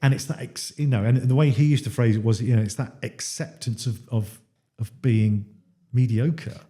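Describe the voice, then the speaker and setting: Coach guy, really dark mellow voice, stumbles over words a lot. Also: medium pitch, moderate pace. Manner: hesitant, stammers on repeated words. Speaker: leadership coach. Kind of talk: casual conversation.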